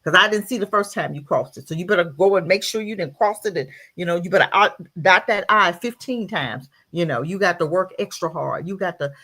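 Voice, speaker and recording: A woman guest in a casual podcast discussion, animated, often acting out scolding voices. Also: brisk, hardly any pauses. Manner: animated, acts out scolding voices high and loud.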